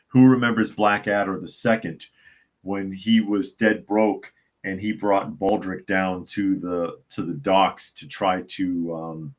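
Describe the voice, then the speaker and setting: Low-voiced man chatting through viewer comments. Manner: chatty, reads viewer comments aloud with laughs. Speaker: host. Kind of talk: casual live-chat commentary.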